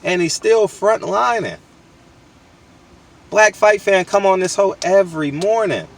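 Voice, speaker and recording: A man's voice: high-pitched, measured pace, distant mic. A man hosting his channel, delivering a blunt, slangy, profane opinion rant with lots of emphatic restarts, recorded outdoors. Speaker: channel host.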